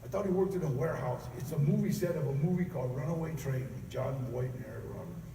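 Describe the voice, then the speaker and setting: A man telling stories in a talk, lively and laughing often, acting out other people's voices. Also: on the high side, fast talker, slight background noise. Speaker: keynote speaker. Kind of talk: storytelling talk. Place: large convention hall. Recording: echoey hall recorded from far off.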